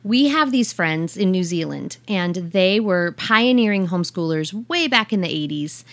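A woman's voice: fairly low pitch, lively intonation, moderate pace, fairly bright tone, dry recording. A woman co-hosting a podcast with her husband, telling stories in a chatty way and laughing often. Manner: giggly, chatty storyteller. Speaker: podcast co-host. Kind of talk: casual chat.

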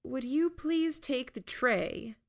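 Woman doing a stitched girl, timid and childlike, small hesitant voice, high and slow. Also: animated, creaky, exaggerated voice. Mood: meek, anxious. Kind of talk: audiobook character voice.

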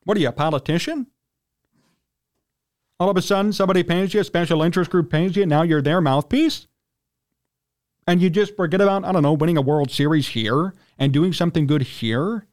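A man with a Chicago accent, hosting a sports talk radio show, ranting indignantly and clearing his throat as he gets worked up. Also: fairly quick, pauses often, darkish tone. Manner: indignant, ranting, pitch jumps when worked up. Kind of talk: heated sports talk rant.

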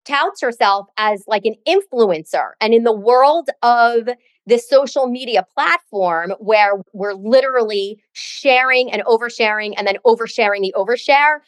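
Dramatic, chatty woman with a higher voice. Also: normal speed, no echo. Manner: dramatic, chatty, sassy storytelling. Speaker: podcast co-host. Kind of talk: casual chat, storytelling.

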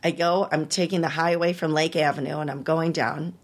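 A woman's voice: low-pitched, fairly even intonation, brisk. A woman in her thirties, an interview guest, telling a personal story candidly and with emotion, laughing at times.

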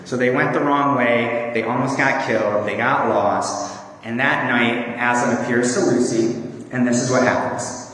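A man's voice: medium pitch, steady tone, normal speed, fairly bright tone. A man preaching a sermon in an earnest, conversational way with small fillers. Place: church hall. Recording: echoey hall from far off.

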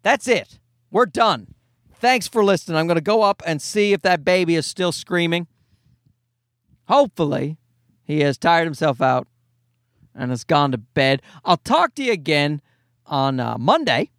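A man in his forties, a comedian hosting his own podcast, telling a profane, animated story in a casual solo monologue. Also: fairly high pitch, measured pace, pauses often, no room sound, clean studio sound. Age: 40s.

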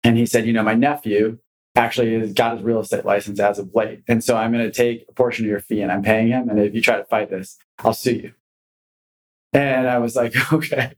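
Animated man telling a story. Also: on the low side, fairly quick, low-quality recording. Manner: animated storyteller acting out quoted voices. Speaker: guest; commercial real estate broker. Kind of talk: podcast storytelling.

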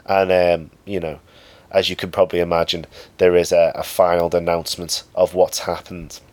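A man's voice: sits low, no room sound. A man reviewing a film in a casual, hesitant way, with frequent ums and uhs. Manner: hesitant, many fillers.

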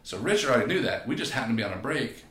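A man, a podcast guest and personal trainer, telling stories in a casual, animated way and acting out quotes. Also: mid-range voice, rapid-fire. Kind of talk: casual storytelling. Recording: echoey room.

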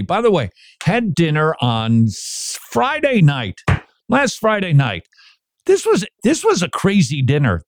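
A man hosting a Christian radio talk show, giving commentary and acting out parents in quick quoted asides. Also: mid-range voice, darkish tone, no room sound, clean studio sound.

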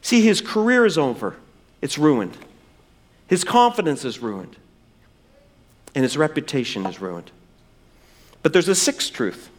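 Lively, animated man preaching a sermon. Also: fairly high pitch. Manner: dramatic swings from loud emphasis to hushed, drawn-out words; acts out quoted dialogue in raised voice. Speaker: pastor. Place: church.

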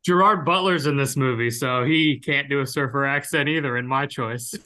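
Man, co-host, bright sharp voice, easygoing. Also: medium pitch, normal speed. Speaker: podcast co-host. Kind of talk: casual chat.

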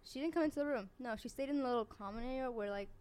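A young woman in college, chatting with friends on a podcast. She is quick to cut in, and her voice is fairly high. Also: a little mellow. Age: young adult. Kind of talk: casual chat, storytelling.

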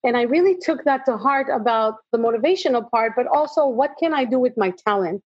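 A woman's voice: fairly high pitch, brisk, breathy edge, no echo. A middle-aged woman, a motivational speaker, telling her personal story as an interview guest and acting out the dialogue. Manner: animated storytelling, acts out dialogue. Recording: dull lo-fi audio.

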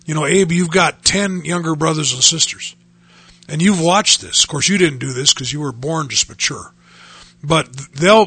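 Gravelly earnest radio preacher man. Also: fairly high pitch, pushed and bright, no room sound. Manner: earnest preaching, quoting scripture in old-fashioned wording. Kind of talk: radio sermon.

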